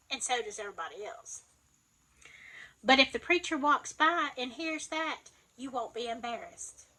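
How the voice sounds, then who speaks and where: A woman's voice: high voice, fairly bright tone, rough recording. A woman with a Southern Alabama accent, chatting casually to camera as a vlogger, wry and self-mocking. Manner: chatty, wry, laughs at herself.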